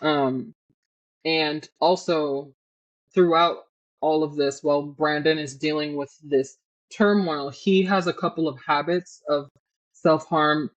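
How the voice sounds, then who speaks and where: A woman cohosting a podcast, recapping a book in a casual, animated and profane way. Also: sits low, slow, muffled recording.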